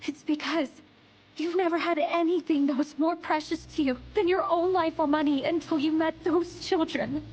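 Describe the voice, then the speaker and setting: A woman voicing a calm, compassionate young queen in an anime dub, speaking gently and earnestly. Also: high voice, lo-fi sound, natural voice. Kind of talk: English anime dub acting.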